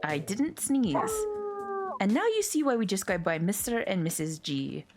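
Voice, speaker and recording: A woman's voice: mid-range voice, wildly swooping pitch, brisk, darkish tone, faint music behind. A woman putting on a fake-German ballet-mad cat lady. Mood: insistent. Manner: dramatic, self-absorbed, rolls out long names. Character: ballet-mad middle-aged female cat wife. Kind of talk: reading a story game aloud.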